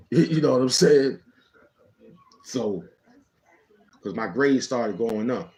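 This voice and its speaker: A man's voice: medium pitch, animated, takes it slowly, mellow, low-quality recording. A man casually telling a personal story in rambling street slang, often checking in with "you know what I'm saying".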